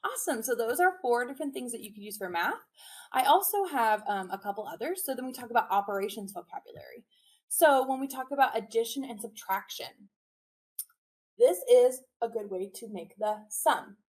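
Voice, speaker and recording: Teacher lady presenting a webinar, bit high pitched, sing-songy, repeats stuff for kids to echo back. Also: a little fast. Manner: animated, drills phrases in a sing-song call-and-response. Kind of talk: teacher demonstration with chants and repetition.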